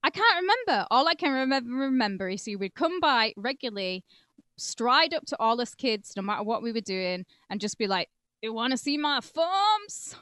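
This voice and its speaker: A woman's voice: a little high, expressive, a little fast, a bit bright, no echo. A woman co-hosting a true-crime podcast, talking casually and swearing freely. She moves between reading case notes and telling loose stories. Her voice sits close and dry against the mic. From England (Cumbria). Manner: chatty and profane, drifts between reading and joking. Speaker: podcast co-host.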